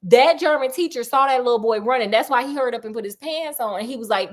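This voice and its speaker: A woman's voice: fairly high pitch, fast, hardly any pauses. A woman host retelling a classic detective story in a casual, slangy, playful way with chatty asides to a friend.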